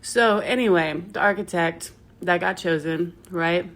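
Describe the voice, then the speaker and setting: A woman's voice: on the low side, unhurried, fairly bright tone. Chatty woman rambling through a story. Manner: chatty, rambling, with many fillers and asides. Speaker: yoga teacher. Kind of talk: casual storytelling.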